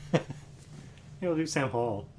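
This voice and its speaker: A man hosting a music livestream from home, chatting casually between songs in a relaxed, rambling way with frequent chuckles. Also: mid-range voice, takes it slowly. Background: acoustic guitar.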